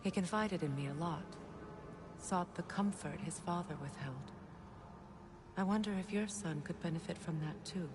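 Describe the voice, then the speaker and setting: An actress playing a weary goddess and grieving mother who speaks calmly and measuredly, with dry sarcasm. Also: fairly low pitch, moderate pace, music in the background, natural voice.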